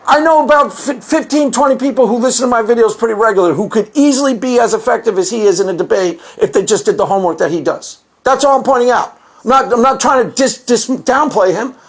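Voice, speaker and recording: A man's voice: extremely high pitch, animated, quick pace, few pauses, slightly rough. A man hosting his own commentary video, talking in a loose, rambling monologue that repeats itself and laughs at his own jokes.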